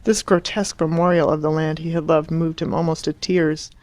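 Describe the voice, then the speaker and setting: A woman narrating an audiobook in a measured, expressive reading voice. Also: sits low, dry recording. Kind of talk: scripted narration.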